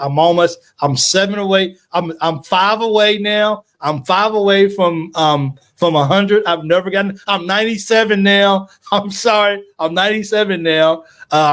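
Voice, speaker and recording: Male live-stream host, casual and rambling, higher-pitched, choked up with emotion. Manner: rambling, halting, with many fillers and restarts. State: emotional, near tears. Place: home, at night.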